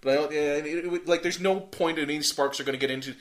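A man with a somewhat high voice tells a story in casual chat. He rambles, restarts often, and fills pauses with "um" and "like". He swears freely. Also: steady tone.

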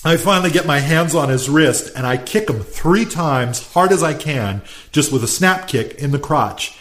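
Man, animated storyteller, slightly high voice, laughs a lot. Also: normal speed. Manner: animated storytelling, acts out quotes and laughs often. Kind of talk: casual chat.

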